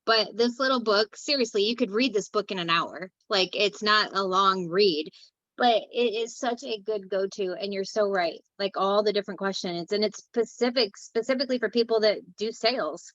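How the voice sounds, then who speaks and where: A woman's voice: medium pitch, moderate pace, fairly bright tone, dry recording. A woman hosts a morning video call, bubbly and full of enthusiasm. The sound is dry and muffled, with no room around her voice. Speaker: host. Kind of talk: casual chat on video call.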